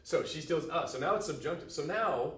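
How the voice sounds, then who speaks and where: A male Latin teacher with a bright, forceful voice leads his class through a reading. He quizzes students and tosses in playful asides. The sound bounces around an echoey classroom. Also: fairly high pitch, expressive, fairly quick, slight background noise.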